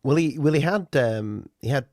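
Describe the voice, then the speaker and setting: A man hosting a podcast in casual chat, halting and full of fillers. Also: mid-range voice, lively intonation, darkish tone, no room sound, studio quality. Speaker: podcast host.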